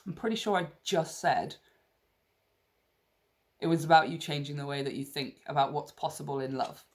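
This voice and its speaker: A woman reading tarot cards to camera in a chatty, gushing way, prone to excited outbursts. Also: deep voice, moderate pace. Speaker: tarot reader.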